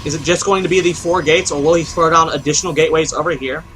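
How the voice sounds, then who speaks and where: A man's voice: a little high, steady tone, quick pace, fairly bright tone, slight background noise, low-quality recording. A man giving solo play-by-play commentary on a strategy game match, chatty and explanatory, often thinking aloud and asking himself questions. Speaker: esports caster.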